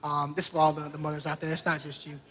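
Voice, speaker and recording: His voice is fairly high and a bit bright, delivered in a monotone at a quick pace. He's a pastor in his thirties telling a family story in his sermon, chatting conversationally and directly questioning the congregation.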